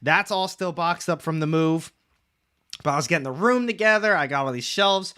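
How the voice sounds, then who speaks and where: A man's voice: on the high side, normal speed, sharp tone, clear, resonant tone. A young man hosting a casual comics livestream, rambling, reading chat aloud and swearing casually from his room at home.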